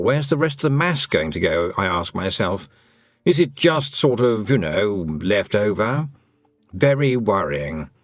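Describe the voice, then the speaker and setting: A man's voice: fairly low pitch, dry recording. A man voicing a male talking toad that frets aloud in rambling, musing questions.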